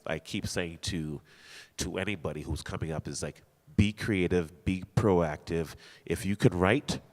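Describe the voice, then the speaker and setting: Very deep-voiced man in a reverberant hall. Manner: earnest, encouraging, restarts phrases. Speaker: actor on a panel. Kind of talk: earnest panel talk. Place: theater hall at a live talk.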